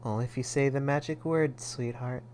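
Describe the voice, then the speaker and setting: A man's voice: mid-range voice, fairly even intonation, moderate pace, a little mellow, slight background noise, natural voice. A man voicing a seductive, domineering middle-aged mother in a game, purring and teasing. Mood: sultry teasing. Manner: purring, teasing, then scolding. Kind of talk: reading game dialogue aloud.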